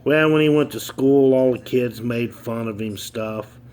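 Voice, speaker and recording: A man's voice: mid-range voice, a little slow, darkish tone, slight background noise. A man telling a long joke in a folksy, easygoing way, with the odd um and uh. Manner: folksy, easygoing, with ums and uhs. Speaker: joke teller. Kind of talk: casual storytelling joke.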